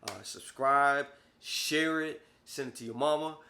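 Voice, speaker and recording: A man hosting a comedic movie review vlog, animated and profane, breaking into quick comic skits. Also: medium pitch, vocal fry, a little hiss or hum.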